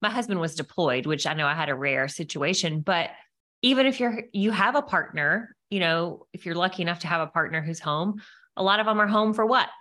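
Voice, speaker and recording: Woman podcast host, slightly low voice, bright tone, candid, casual interview chat. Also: fairly quick. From America. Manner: candid and emotional, with frequent fillers and laughs.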